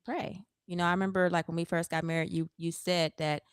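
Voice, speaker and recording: Pastor's wife on a podcast, lowish voice, candid, dry close mic. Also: female voice, flat delivery, a little fast, clear, resonant tone, dry recording. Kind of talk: casual chat on a church podcast.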